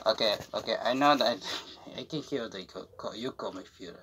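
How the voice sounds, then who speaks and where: A young man vlogging in halting, broken English as he shows off a new jacket, rambling with fillers, restarts and giggles. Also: on the low side, fairly bright tone, slight background noise. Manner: non-native English with broken grammar. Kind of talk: casual unboxing chat to camera.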